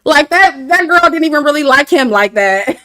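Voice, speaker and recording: A woman's voice: high voice, lively intonation, moderate pace, bright, forceful tone. A woman, talking casually to her chat about a dating show, candid and laughing often. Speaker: reality TV commentator. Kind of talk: casual review livestream.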